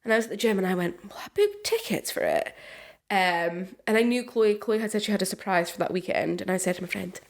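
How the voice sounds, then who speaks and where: A woman's voice: mid-range voice, fairly even intonation, fast talker, hardly any pauses. Young woman, podcast co-host, chatty storyteller who does the voices in her own stories. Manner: chatty storyteller, acts out quotes, laughs often. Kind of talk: casual chat.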